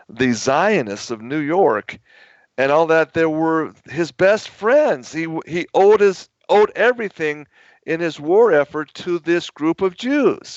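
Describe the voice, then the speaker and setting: A man's voice: fairly high pitch, expressive, unhurried, dry recording. A man who is an author guesting on a radio talk show, telling long, emphatic, rambling stories. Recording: dull lo-fi dry sound.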